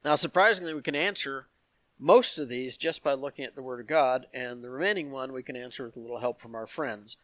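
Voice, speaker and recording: A man's voice: medium pitch, a little fast, fairly bright tone, no room sound. A man teaching verse by verse from the Bible, reading passages aloud and adding asides to his listeners. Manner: explanatory, reads passages aloud with asides to the congregation.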